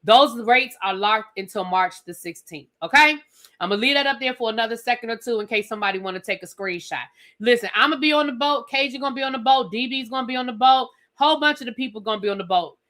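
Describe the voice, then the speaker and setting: Woman streamer, bright higher voice, sassy chatty host reviewing reality TV live. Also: fast. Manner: chatty, sassy, addresses viewers as girl and y'all.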